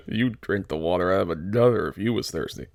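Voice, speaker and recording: A man voicing a small, irritable male ranch hand who scolds in a gruff, exasperated way. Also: low-pitched, fairly quick, no room sound. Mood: scolding.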